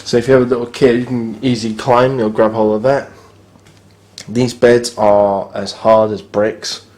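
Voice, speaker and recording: A man's voice: mid-range voice, level tone, moderate pace, a little mellow. A man, filming a casual spoken review of his hotel room and grumbling bluntly about its faults.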